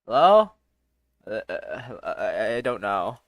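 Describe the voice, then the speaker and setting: A young man with a boyish, youthful-sounding voice chats casually on a live stream, his pitch fairly low, sing-song and unhurried, in a dry recording. He swears a lot and rambles, running himself down as he goes.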